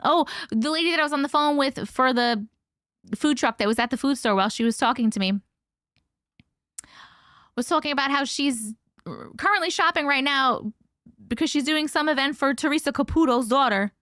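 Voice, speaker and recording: A woman's voice: high voice, moderate pace, a bit bright, dry recording, studio quality. A young woman with a Long Island accent, hosting a casual live stream chat, giggly and swearing freely as she reads comments aloud. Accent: Long Island New York. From Long Island, New York. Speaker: host.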